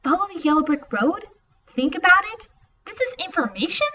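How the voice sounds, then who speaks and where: A woman's voice: on the high side, lively intonation, moderate pace, fairly bright tone. A woman reading an audiobook, voicing a sarcastic, dramatic teenage girl with a mocking, exasperated manner. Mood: mocking exasperation. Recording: distant, muffled, faint hiss.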